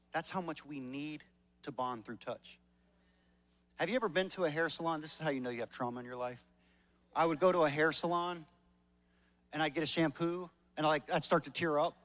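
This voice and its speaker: A man's voice: a little high, a bit bright. Chatty male pastor with a raised voice. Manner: conversational and joking, repeats words when starting sentences. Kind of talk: sermon. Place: church service.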